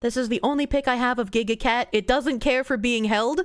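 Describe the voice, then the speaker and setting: A woman streaming live and chatting casually with her viewers, gushing and swearing freely, breaking into excited squeals. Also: a little high, a little fast. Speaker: livestreamer.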